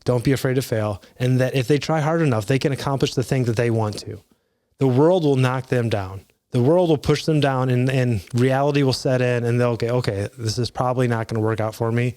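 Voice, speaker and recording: A man's voice: medium pitch, fairly quick, darkish tone. A man in his thirties giving earnest, conversational advice to fathers, with restarts and asides. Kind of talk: casual motivational talk.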